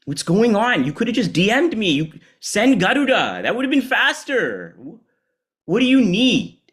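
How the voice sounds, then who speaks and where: A man voicing a casual, brotherly male god who talks in loud, slangy, exasperated reassurance. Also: high-pitched, big pitch swings, moderate pace, pitched above the performer's own voice.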